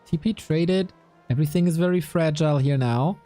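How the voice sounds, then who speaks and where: A man giving playful live commentary on a strategy game match, with quick asides. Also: fairly high pitch, warm tone, faint music behind. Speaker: esports commentator.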